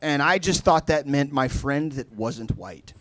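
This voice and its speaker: A young man doing a stand-up comedy set in a comedy club, with a rambling, halting delivery full of fillers and restarts, putting on different voices for the people in his story. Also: fairly high pitch, animated, a bit bright, no echo. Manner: acts out other people's lines in shifting voices. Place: comedy club stage before a live audience.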